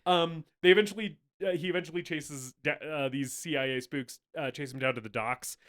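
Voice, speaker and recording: A man co-hosting a casual movie review podcast, animated and swearing, laughing often and acting out scenes. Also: a little high, fairly quick. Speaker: podcast co-host.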